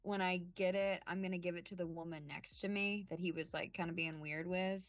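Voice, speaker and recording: A woman's voice: lowish voice, steady tone, fairly quick, no echo. A woman playing a tabletop role-playing game, answering and acting boldly as her character. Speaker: player. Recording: tinny, dry phone-like sound.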